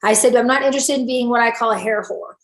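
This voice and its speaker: Animated woman telling stories in a roomy space. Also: on the high side, quick pace. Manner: animated, acts out quoted dialogue. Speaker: salon owner and stylist, guest. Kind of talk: storytelling interview. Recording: roomy echo.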